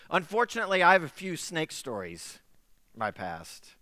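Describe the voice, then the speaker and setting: A man's voice: fairly high pitch, huge pitch swings, moderate pace, pushed and bright, no echo, long reverb tail. A middle-aged man preaching a sermon, telling a personal story with acted-out dialogue. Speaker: pastor.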